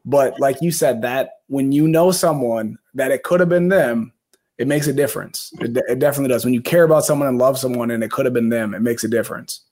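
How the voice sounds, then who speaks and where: A man's voice: mid-range voice, fast talker, darkish tone. A man hosting an interview, agreeing with his guest and adding his own thoughtful points. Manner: supportive, agreeing, reflective. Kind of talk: casual conversation.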